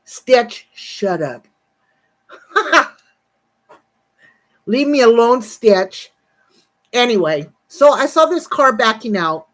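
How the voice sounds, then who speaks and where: A woman's voice: mid-range voice, a bit bright. A woman in her sixties on a casual livestream, telling a rambling, profane story and breaking off to greet viewers in the chat. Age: 60s.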